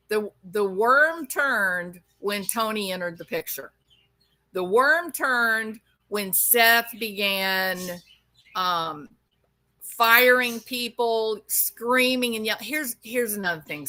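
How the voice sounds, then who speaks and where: A commentary channel host from the Arkansas-Louisiana hill country of the American South delivers an opinionated monologue, scolding and preaching straight at the person she's addressing. Her voice is on the high side with a sharp tone.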